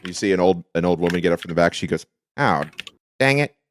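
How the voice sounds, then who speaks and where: A man's voice: sits low, completely flat delivery, very fast, a little mellow. A man narrating as dungeon master in a tabletop game, hesitant and full of ums.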